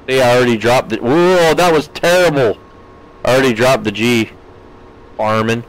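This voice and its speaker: A man's voice: medium pitch, lively intonation, moderate pace, rough recording. A man casually chatting with his live-stream audience while playing a farming game, reading out and answering chat comments with frequent laughs. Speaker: gaming streamer.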